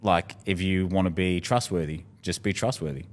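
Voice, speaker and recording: A man's voice: deep voice, moderate pace. An Australian man speaking as a podcast guest in casual conversation, candid and heartfelt, swearing freely.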